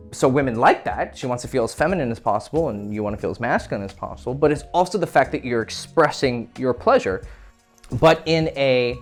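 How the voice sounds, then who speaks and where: A man hosting a dating advice talk, speaking casually, frankly and explicitly. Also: on the high side. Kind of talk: casual monologue.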